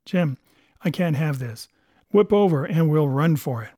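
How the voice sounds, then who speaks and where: A man's voice: on the high side, lively intonation, a little slow, warm tone, dry recording. A man voicing an earnest, stern-kind doctor. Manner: earnest, exclaiming, urgent. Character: stern but kindly older male doctor.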